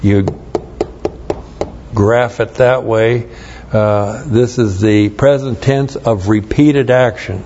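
Slow, deliberate male pastor teaching Greek. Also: fairly low pitch, steady tone, a little mellow, muffled recording, a little hiss or hum. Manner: explains Greek grammar, spelling words out, repeating phrases for emphasis. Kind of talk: verse-by-verse Bible teaching.

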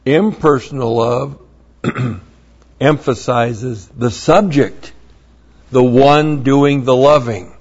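Slow, emphatic male preacher, lo-fi recording. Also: mid-range voice. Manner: emphatic, blunt, with mocking asides. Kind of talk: sermon.

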